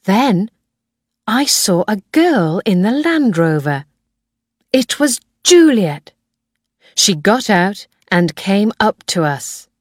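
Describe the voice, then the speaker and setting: A woman narrating an audiobook in a slow, clear, measured reading. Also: medium pitch, big pitch swings, dry recording, clean studio sound.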